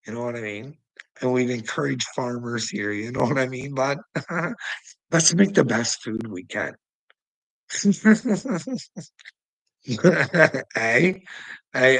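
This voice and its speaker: On a livestream, a Canadian-accented Canadian host responds to chat with a crude, casual rant, laughing between remarks and swearing a lot. The recording of his medium-pitched, fairly bright voice is dry and rough.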